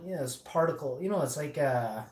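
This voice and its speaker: A man's voice: on the high side, expressive, brisk, a little mellow. Rambling man telling a story. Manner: rambling, full of fillers and swearing. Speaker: vlogger. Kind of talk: casual storytelling. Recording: roomy echo.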